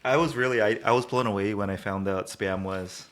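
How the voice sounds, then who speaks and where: A man's voice: on the low side, steady tone, brisk, a bit bright. A man co-hosting a podcast in a casual, upbeat chat, laughing often. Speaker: podcast co-host.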